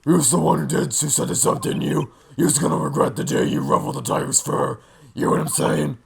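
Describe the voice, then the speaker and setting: A man doing a shouting Brooklyn thug. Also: on the high side, brisk, full character voice. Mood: gruff. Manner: brash, shouting, gruff. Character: loud threatening male loan-shark thug.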